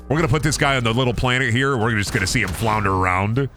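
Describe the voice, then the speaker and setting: A man's voice: medium pitch, fast talker, hardly any pauses, a bit bright, soft background music. A young man giving casual, goofy and profane commentary while streaming a video game. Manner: goofy, profane, playful voice swings.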